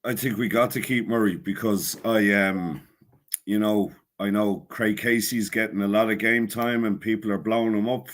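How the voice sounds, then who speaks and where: A man with a Dublin accent, a guest on a casual sports chat, talking in an opinionated, animated way. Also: lowish voice, normal speed.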